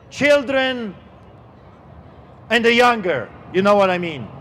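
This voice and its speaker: A middle-aged man with a non-native English accent preaches outdoors on a city street, unusually high-pitched. He talks slowly and emphatically, stretching key words for weight. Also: fairly bright tone, slight background noise. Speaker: street pastor.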